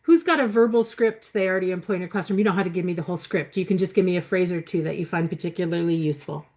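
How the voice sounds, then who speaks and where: A woman teaching teachers in a live online webinar, talking into her computer mic. She is chatty and upbeat, full of fillers and quick laughs, and she reads chat comments back to her audience. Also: lowish voice, darkish tone. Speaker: math educator hosting a webinar.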